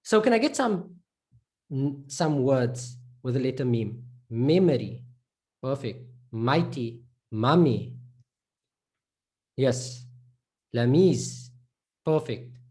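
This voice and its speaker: A man from South Africa with a South African accent, teaching Arabic letters to a class and repeating each sound slowly. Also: medium pitch, lively intonation, darkish tone. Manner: slow, repeats sounds and words for students. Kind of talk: live online lesson.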